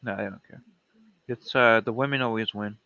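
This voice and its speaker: A man's voice: on the low side, fairly even intonation, moderate pace, pushed and bright, muffled recording. A man asking skeptical questions in a casual chat.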